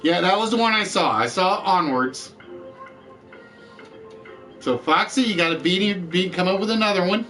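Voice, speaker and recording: A man's voice: high voice, moderate pace, long pauses, sharp tone, soft background music. A man hosting a live-streamed word game show, chatty, reading out letters and scores and joking with the players.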